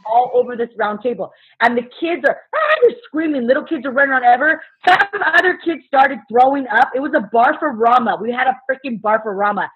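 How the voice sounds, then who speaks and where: A woman who works as a substitute teacher, telling a story in casual chat, animated and swearing freely while acting out what people said. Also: sits high, a little fast, hardly any pauses, breathy edge. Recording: muffled phone-like sound.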